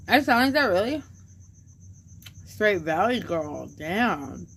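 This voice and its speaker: A woman's voice: mid-range voice, sing-song, slow pace, a bit bright, slightly rough. A woman chatting casually on a livestream, slangy and joking, a little tipsy.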